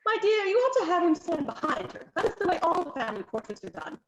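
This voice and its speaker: A woman's voice: extremely high pitch, sing-song, fast talker, reverberant, background noise, pitched above the performer's own voice. A woman voicing a genial, easygoing older earl. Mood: amused. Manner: jovial, easygoing.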